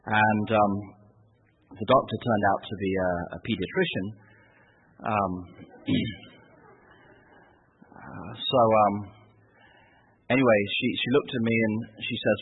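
An Englishman telling a personal story in a halting, vivid way, with many fillers and restarts. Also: fairly low pitch, fairly even intonation, breathy edge. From England. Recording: tinny phone-like radio sound.

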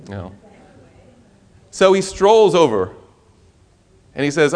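A male preacher delivers a sermon as a lively, conversational story and often circles back to restart his sentences. His voice sits somewhat high for a man, and his telling is animated. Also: unhurried, pauses often, a faint crowd.

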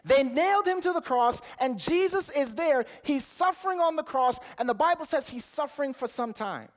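A man's voice: extremely high pitch, expressive, moderate pace. An earnest male preacher delivers a sermon, reading scripture aloud in King James wording. He repeats words as he pushes toward a point and asks the congregation questions as he goes.

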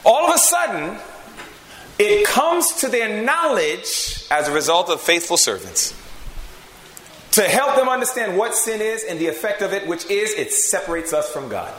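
Male preacher, emphatic, lively pitch swings, bright ringing tone, roomy sound. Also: moderate pace, slight background noise. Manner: emphatic, swings from loud to hushed. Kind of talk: sermon.

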